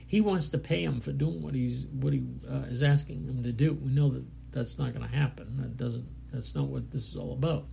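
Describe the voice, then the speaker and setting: A man's voice: medium pitch, steady tone, fairly quick, creaky, few pauses, dark tone, slight background noise. A man giving a sermon, reading scripture aloud and explaining it in an earnest, plainspoken way with frequent restarts. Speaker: preacher.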